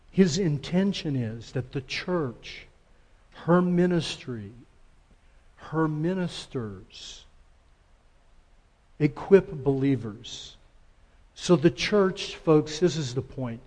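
A male pastor preaching a sermon dramatically, swinging between loud emphasis and soft, quiet asides. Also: fairly high pitch, animated, slow pace, pauses often, big-room sound.

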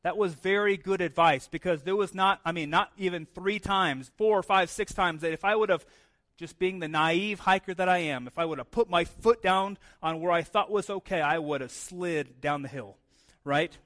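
Guy w a high voice giving a sermon, chatty, keeps saying "right?". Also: moderate pace, fairly bright tone. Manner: conversational, frequent "right?" asides and repeated words. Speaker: pastor.

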